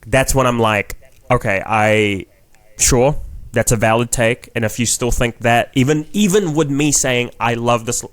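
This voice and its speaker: A man's voice: mid-range voice, unhurried, no room sound. A young man with a New Zealand accent, a comedian guest on a podcast, talking frankly and rambling, swearing freely in casual chat.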